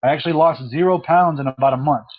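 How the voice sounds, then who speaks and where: A young man telling a painful personal story, halting and emotional, with many restarts and his voice catching. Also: a little high. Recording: dull lo-fi audio.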